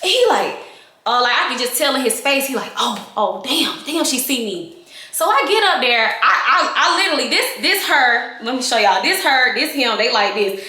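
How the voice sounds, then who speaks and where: A young adult woman telling a candid storytime vlog to her viewers, animated and chatty, acting out the scenes as she goes. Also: high voice, brisk, roomy sound. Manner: animated, reenacting scenes with voices and gestures. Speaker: vlogger.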